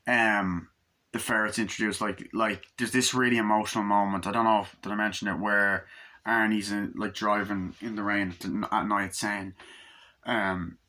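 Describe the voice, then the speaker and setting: A man's voice: fairly low pitch, steady tone, moderate pace, pushed and bright. A young man casually recapping and reviewing a film, rambling, swearing, and acting out lines in raised voices. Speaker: movie reviewer.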